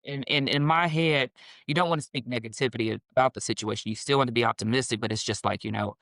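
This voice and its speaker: A woman's voice: extremely low pitch, normal speed, vocal fry, no echo. A middle-aged woman, a guest teacher, telling her story in casual conversation and acting out the voices of the people she quotes. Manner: animated, acts out quoted voices.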